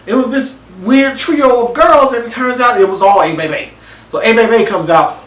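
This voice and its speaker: A man giving a casual, animated review of a TV episode, acting out people's reactions in slangy everyday talk. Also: very high voice, moderate pace. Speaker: TV show reviewer. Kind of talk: casual opinion monologue. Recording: echoey room, mic at a distance.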